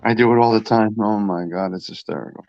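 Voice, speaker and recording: A man co-hosting a casual chat, loud and laughing, swearing freely. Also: fairly low pitch, fast, dull audio, a little hiss or hum. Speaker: podcast co-host.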